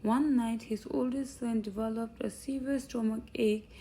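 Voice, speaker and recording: A woman reading an audiobook aloud, telling a first-person story in an earnest, unhurried manner. Her voice sits a bit high, yet it sounds dark and mellow, with a gravelly fry. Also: fairly even intonation, a little hiss or hum. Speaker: audiobook narrator.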